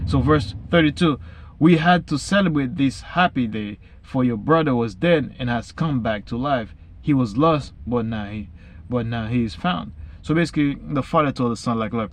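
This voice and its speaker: A man reading Bible verses slowly, then retelling each one casually in everyday slang. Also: mid-range voice. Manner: frequent fillers and restarts, says basically a lot. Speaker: Bible reader and explainer. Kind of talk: casual Bible study talk.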